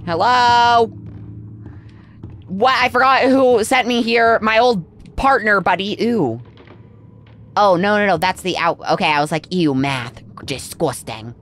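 A woman's voice: mid-range voice, unhurried, long pauses, fairly bright tone, a little hiss or hum. A woman playing a horror game and chatting through it, talking to the characters and reacting with surprise. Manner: chatty, talks to the game, easily startled. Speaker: gaming channel host. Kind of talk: let's play commentary.

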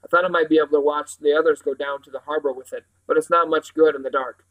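A man's voice: on the high side, fairly even intonation, fast talker, a bit bright, lightly acted, poor audio. A man reading a storybook aloud, voicing a young boy trying hard to sound casual. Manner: forced casual.

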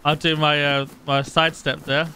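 A man's voice: fairly high pitch, little pitch movement, normal speed, bright, forceful tone, slight background noise, low-quality recording. A man streaming a game with friends, chatting and bantering casually. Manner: joking banter. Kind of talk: casual gaming chat.

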